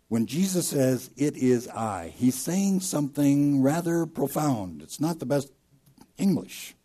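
A man preaching a sermon as pastor, swinging between loud emphatic bursts and hushed drops, and repeating key phrases for weight. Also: mid-range voice, very animated, measured pace.

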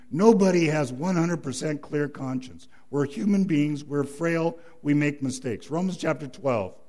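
A man's voice: fairly high pitch, darkish tone. Man preaching an emphatic sermon. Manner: emphatic preaching, tells a joke story. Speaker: pastor.

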